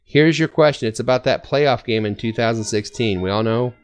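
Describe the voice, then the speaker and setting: A man hosting a casual fan podcast, running a trivia game and telling stories with quick laughs. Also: medium pitch, clean tone, faint music behind. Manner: animated storyteller, quick laughs. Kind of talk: casual group chat.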